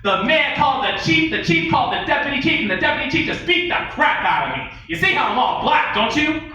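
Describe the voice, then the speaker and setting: A man voicing a middle-aged male police captain who shouts bossily and then turns weary and stern. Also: lowish voice, steady tone, brisk, very echoey, distant mic, pitched below the performer's own voice. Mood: shouting furious. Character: booming angry male police captain, forties.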